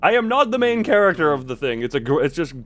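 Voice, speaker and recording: A man's voice: fairly high pitch, big pitch swings, fast, a bit bright. A man streaming a video game, chatting loosely with his viewers, restarting his sentences and laughing often. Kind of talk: casual live-stream chat while playing.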